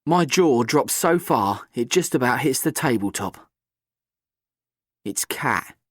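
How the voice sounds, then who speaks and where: A man's voice: medium pitch, lively intonation, normal speed, no echo, clean studio sound. A man giving scripted first-person audiobook narration in a glum, tense storytelling manner.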